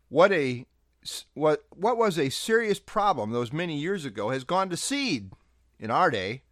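Lively, earnest male pastor preaching. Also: mid-range voice, dry recording, clean studio sound. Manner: earnest preaching with emphatic stresses. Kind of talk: devotional sermon.

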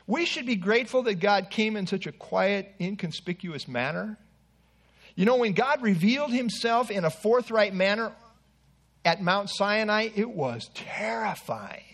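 A man's voice: high-pitched, expressive, measured pace, fairly bright tone. A man preaching an earnest expository sermon with asides to the congregation.

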